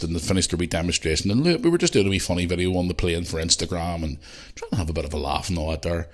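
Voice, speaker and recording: A middle-aged man with a Northern Irish accent hosting a podcast, rambling and swearing, and growing heated and loud. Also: low voice. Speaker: podcast host. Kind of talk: casual monologue.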